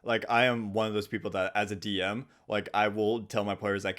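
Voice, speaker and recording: Relaxed young man hosting a chat. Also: lowish voice, fairly quick, few pauses. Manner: relaxed, filler-heavy, affirming. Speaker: stream host. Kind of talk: casual chat on a stream.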